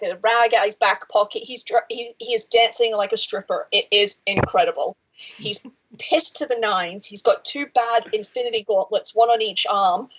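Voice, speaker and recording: Animated, swearing woman storyteller. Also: on the high side, dull audio. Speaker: podcast co-host. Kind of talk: casual chat.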